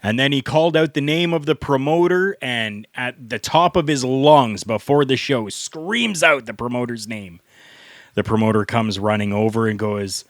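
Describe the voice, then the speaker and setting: A middle-aged man, a former pro wrestler, co-hosting a podcast and telling stories in an earnest, deliberate way. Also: mid-range voice, no echo, studio quality. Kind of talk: storytelling podcast talk.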